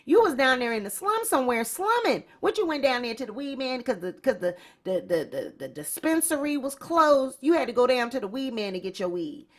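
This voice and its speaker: A woman's voice: high voice, very animated, a little fast, hardly any pauses. A woman hosting a celebrity gossip show, talking casually and sassily straight to her viewers. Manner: sassy, talks straight to viewers. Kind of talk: casual commentary.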